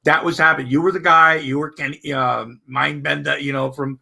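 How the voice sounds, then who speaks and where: Gravelly bright-voiced man chatting. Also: a little high, fairly quick. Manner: animated, profane, gets loud when excited. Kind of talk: casual chat.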